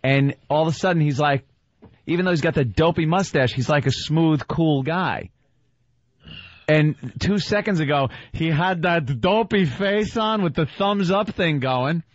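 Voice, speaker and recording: A man co-hosting a radio show, joking and tossing in quick agreement. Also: on the high side, no room sound. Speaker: radio co-host. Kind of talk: casual radio banter. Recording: dry, muffled radio sound.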